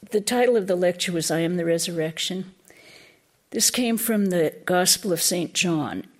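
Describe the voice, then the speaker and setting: A woman giving a reflective spiritual talk as a lecturer, thoughtful and searching for words as she goes. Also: fairly low pitch.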